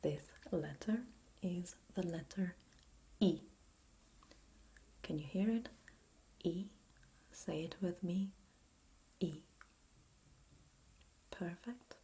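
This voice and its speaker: A woman with an Italian accent whispers her way through a language lesson in a slow, patient ASMR role-play. Her low, breathy, mellow whisper lingers on each word and invites you to repeat after her. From Italy. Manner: slow, patient whispered teaching, drawing out words for the listener to repeat.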